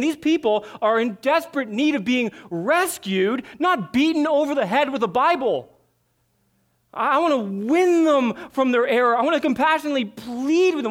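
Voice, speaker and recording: Guy w a high voice giving a sermon, earnest and chatty, keeps restarting words. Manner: earnest, conversational preaching with repeated restarts. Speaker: pastor.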